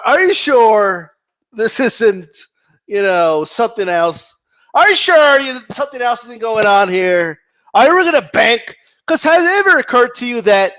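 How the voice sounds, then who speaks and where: Animated man ranting about boxing fans. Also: high-pitched, highs cut off. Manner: animated, profane, rambling with restarts. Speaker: boxing commentator. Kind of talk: casual vlog commentary.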